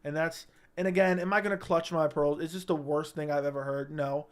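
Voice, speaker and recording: A man's voice: on the high side, steady tone, fairly quick, clean tone. A man hosting a mixed martial arts livestream, ranting bluntly and heatedly in casual commentary, often repeating his points. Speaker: MMA commentary channel host. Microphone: studio broadcast mic.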